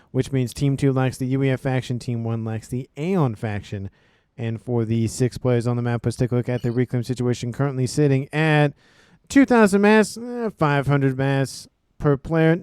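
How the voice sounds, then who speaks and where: A man's voice: mid-range voice, warm tone, smooth. A man casting a strategy game replay in a loose, chatty style, often correcting himself mid-sentence. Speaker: game caster.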